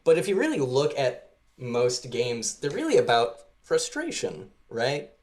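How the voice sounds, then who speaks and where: A man's voice: medium pitch, huge pitch swings, unhurried, a little mellow. A man talking as a podcast guest about designing a game, loose and chatty, with lots of "like". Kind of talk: casual podcast chat.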